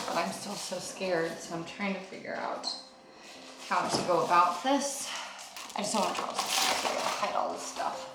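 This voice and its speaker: A woman vlogging in a rambling, chatty way, full of "like" and "um", sometimes dropping to hushed asides. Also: medium pitch, normal speed. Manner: rambling and chatty, heavy use of "like" and "um". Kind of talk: casual confessional vlog. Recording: echoey room with background music.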